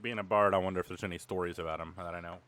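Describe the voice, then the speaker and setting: A man playing a tabletop game, tossing in quick, joking asides. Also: sits low, steady tone, fairly bright tone. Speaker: player. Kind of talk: tabletop game play, casual.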